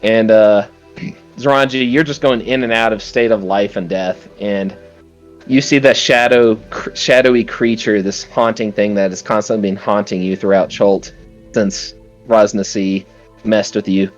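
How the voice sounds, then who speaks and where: Low-voiced man narrating a tabletop game. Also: fairly even intonation, measured pace, highs cut off, soft background music. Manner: casual, filler-heavy storytelling. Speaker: dungeon master.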